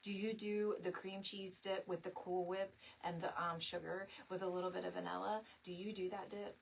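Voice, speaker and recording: A woman's voice: on the low side, flat delivery, moderate pace, vocal fry, few pauses, a little hiss or hum. A middle-aged woman hosting a live home-decor stream, chatting in a rambling, friendly way and answering viewer comments as she works. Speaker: DIY live stream host. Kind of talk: casual chat while crafting on a live stream. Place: home craft space, indoors.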